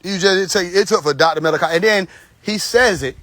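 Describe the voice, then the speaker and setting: A man's voice: high-pitched, a little fast, pushed and bright, no echo. A man hosting a casual livestream on his phone, talking bluntly and profanely in a long, rambling, tipsy monologue. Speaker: live stream host. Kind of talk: casual live stream monologue.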